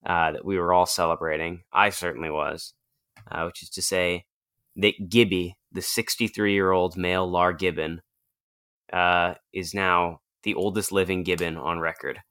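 Tired deadpan man with a very low voice. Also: normal speed, smooth. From Virginia. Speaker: podcast co-host. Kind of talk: casual chat.

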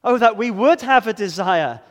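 A man preaching a sermon, earnest and emphatic, slowing down to stress key words. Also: high-pitched, expressive, fairly bright tone, big-room sound.

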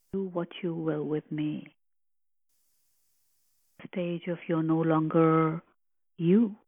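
A woman with a low, breathy voice speaks in a slow, reverent spiritual commentary, pausing often. The sound is dry and narrow, like a phone line. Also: dry recording. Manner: slow, reverent, reflective, with long pauses. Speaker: podcast host explaining scripture.

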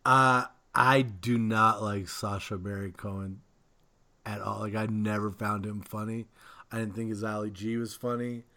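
A man's voice: lowish voice, steady tone, measured pace, bright, forceful tone. A man co-hosting a casual podcast, telling rambling stories and swearing freely. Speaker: podcast co-host.

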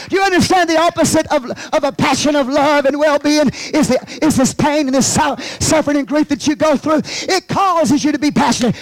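A man preaching a sermon as pastor, swinging from quiet storytelling to shouted calls to the congregation. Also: very high voice, fairly quick. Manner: preaching with rising shouts and call-and-response asides.

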